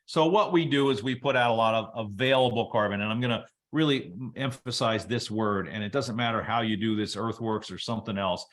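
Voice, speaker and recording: A man's voice: fairly low pitch, a little fast, hardly any pauses. Guy giving a soil webinar, laid-back teacher vibe, easygoing explaining. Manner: relaxed explanatory, steady teaching flow with casual asides. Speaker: webinar presenter. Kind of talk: explaining soil science to an audience.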